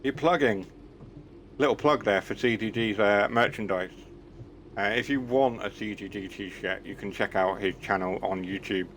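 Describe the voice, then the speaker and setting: A man's voice: fairly low pitch, normal speed, fairly bright tone, slight background noise. A man chatting casually on a live stream, rambling and self-deprecating.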